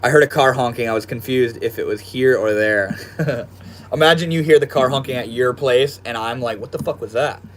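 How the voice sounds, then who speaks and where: A young man chats casually on his livestream from his room at home, calling everyone bro and dude in a laid-back, slangy way. His voice sits at an ordinary middle pitch for a man. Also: normal speed, a little hiss or hum. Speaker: livestream host. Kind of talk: casual livestream chat reading viewer comments.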